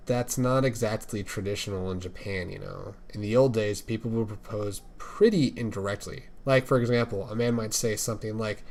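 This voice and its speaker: A man's voice: fairly low pitch, moderate pace, gravelly, few pauses, darkish tone. A man reading as a shy earnest skater. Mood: earnest soft. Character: shy, earnest young Japanese male skater.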